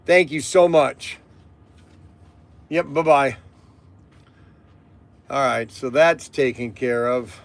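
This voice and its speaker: A middle-aged man from Southern Ohio hosting a casual livestream, rambling and animated, laughing often as he talks. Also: mid-range voice, slow, pauses often. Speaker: livestream host.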